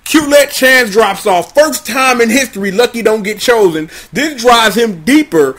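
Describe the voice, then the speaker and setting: High-pitched young male vlogger, animated and profane, riffing through a show recap. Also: unhurried. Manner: slangy, profane, animated storytelling. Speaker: vlogger reviewing a TV episode. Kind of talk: casual comedic review.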